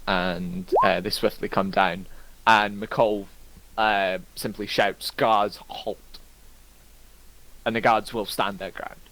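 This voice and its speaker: Slow-talking male game master. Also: on the low side, low-quality recording. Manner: relaxed, with many ums and kinda. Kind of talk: narrating a tabletop game.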